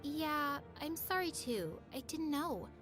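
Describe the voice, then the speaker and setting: Shy kind classmate, soft and unsure, a woman doing her, music under it. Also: high-pitched, expressive, takes it slowly, voice pushed up. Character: shy, sympathetic schoolgirl.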